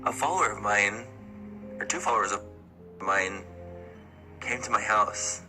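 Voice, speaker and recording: A man's voice: lowish voice, a little slow, over music. A man in a casual vlog, rattled and earnest, swearing as he talks to viewers.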